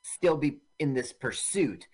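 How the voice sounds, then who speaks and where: A man's voice: mid-range voice, lively intonation, takes it slowly, a little mellow, slightly rough. A man co-hosting a radio show, casually questioning a film's plot. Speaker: radio co-host. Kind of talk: casual film discussion.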